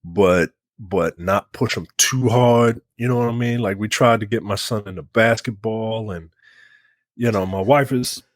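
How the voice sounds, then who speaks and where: A man in his thirties co-hosting a casual podcast chat, telling long animated stories with lots of restarts. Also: on the low side, measured pace, no echo, studio quality. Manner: rambling, animated storytelling with restarts. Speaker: podcast co-host.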